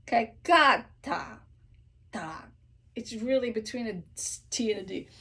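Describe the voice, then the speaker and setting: A woman and native English speaker teaching how she practices an aria, who breaks into slow sung Italian phrases and asks "okay?" again and again. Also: on the high side, fairly even intonation, darkish tone, husky. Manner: repeats sung Italian phrases slowly, checks in with "okay?" constantly. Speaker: singer teaching her practice method. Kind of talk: casual vocal tutorial.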